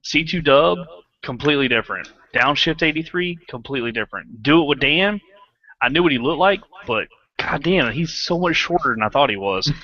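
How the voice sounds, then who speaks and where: Man, bright forceful voice, profane, dull lo-fi call audio. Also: on the high side, animated, a little fast. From southern United States. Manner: profane, laughing storyteller. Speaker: hangout host. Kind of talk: casual group chat, storytelling.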